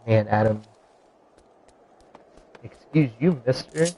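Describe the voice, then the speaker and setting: A young man streaming a game, rambling through casual commentary with lots of swearing and excited outbursts. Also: mid-range voice, takes it slowly, noisy background.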